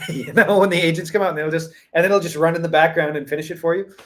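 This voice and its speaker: A man's voice: on the high side, steady tone, fast talker. A man hosting his own tea channel, talking casually to his viewers and often restarting his sentences. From Western. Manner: rambling, many restarts, chuckles. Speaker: tea seller and channel host. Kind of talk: casual talk to camera.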